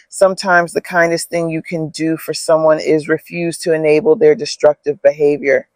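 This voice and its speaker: A man reads a scripted family story in a steady, even manner. His voice sits a little high and is recorded dry and close, with no room sound. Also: normal speed, few pauses, dry recording. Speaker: narrator.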